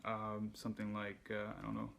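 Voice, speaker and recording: A man giving a handpan lesson, calmly explaining and counting beats aloud. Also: fairly low pitch, moderate pace, creaky. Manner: relaxed, patient explaining, counts beats aloud while playing. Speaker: handpan teacher. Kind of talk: music lesson instruction. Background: handpan music.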